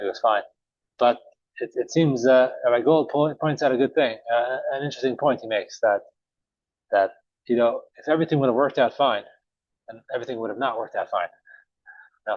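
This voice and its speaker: A man teaching a morning Talmud class, telling a story casually with many pauses and restarts. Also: medium pitch, no room sound. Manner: relaxed, halting, many uhs and restarts. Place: synagogue or study room. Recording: dull, dry recording.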